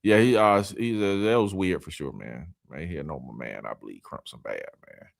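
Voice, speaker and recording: A man with a deep, creaky voice hosts a casual sports talk livestream at normal speed, reading viewer comments with lively laughter and Southern slang like "y'all" and "man." The studio-quality sound has no echo.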